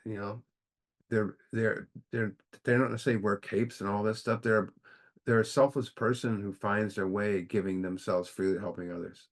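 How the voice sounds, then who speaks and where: Low-voiced man telling a story. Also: fairly even intonation. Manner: conversational, halting restarts. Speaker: recovery book study leader. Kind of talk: casual storytelling talk.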